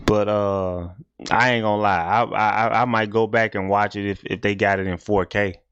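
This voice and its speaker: A man's voice: on the low side, flat delivery, normal speed, fairly bright tone, smooth, dry recording, dull audio. A man hosting a casual reaction video, talking in a rambling, repetitive, laid-back way.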